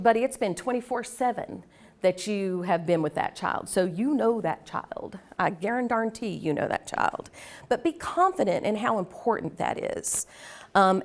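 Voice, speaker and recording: Earnest folksy woman presenter. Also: on the high side. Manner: earnest, folksy, with filler ums and repetition. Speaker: conference presenter. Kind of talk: conversational presentation to parents.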